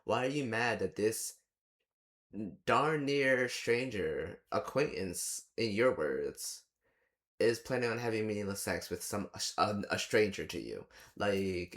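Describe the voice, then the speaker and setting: A man's voice: fairly low pitch, lively intonation, unhurried. A man giving casual reaction commentary on a film, ranting in an exasperated, chatty way with plenty of rhetorical questions and fillers. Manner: loose and chatty with many fillers. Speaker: movie reviewer.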